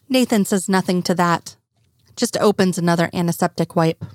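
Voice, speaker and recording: A woman narrating a fan fiction story in a steady, even storytelling manner. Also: on the low side, normal speed, no echo, studio quality. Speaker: audiobook narrator.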